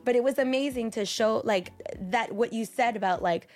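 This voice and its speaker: Animated woman telling a family story. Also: on the high side, moderate pace. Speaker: mother on a parenting podcast panel. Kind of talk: casual podcast conversation.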